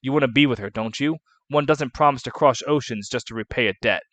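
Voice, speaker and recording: Man reading a kindly noble knight, calm, measured, earnest, dry sound. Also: mid-range voice, no room sound, lightly acted.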